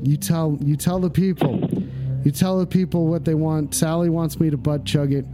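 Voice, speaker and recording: A man hosting a comedic call-in stream, cursing constantly, excitable and bursting into shouts, slowing down for comic effect. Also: a little high, background noise. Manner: deliberate slowdowns for comic effect. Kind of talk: profane comedic live stream.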